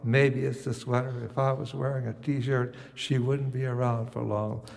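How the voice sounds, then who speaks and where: A man's voice: medium pitch, level tone, moderate pace, vocal fry, darkish tone, in a large hall. An older man from the United States telling a wry, musing first-person story.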